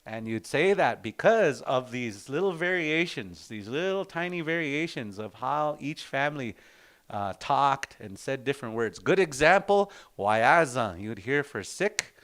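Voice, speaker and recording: A man teaching an informal language class in an unhurried, reflective, storytelling way. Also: medium pitch, big pitch swings, fairly bright tone.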